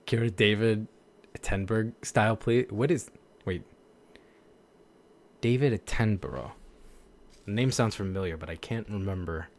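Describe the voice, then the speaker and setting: A man's voice: fairly low pitch, normal speed, pauses often. A young man voice actor chatting casually with viewers, rambling with lots of "like" and laughing at himself. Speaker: voice actor streamer. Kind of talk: casual chat.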